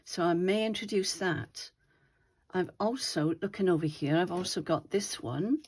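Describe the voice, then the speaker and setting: A woman hosting her own craft channel, chatting casually and thinking aloud as she shows her slow-stitching pages. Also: fairly low pitch, darkish tone, husky. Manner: chatty, rambling, thinks aloud while handling materials.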